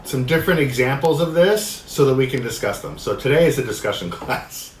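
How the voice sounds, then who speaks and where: A man teaching a discussion workshop, reading passages aloud and explaining them in a relaxed way, often laughing. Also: medium pitch, brisk. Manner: relaxed, laughs often, acts out quoted voices. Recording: echoey room with faint noise.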